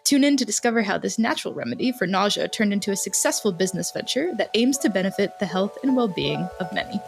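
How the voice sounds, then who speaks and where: A woman's voice: mid-range voice, lively intonation, fast, creaky, over music. A woman hosting a podcast, reading a polished, enthusiastic intro and then asking interview questions. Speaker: podcast host.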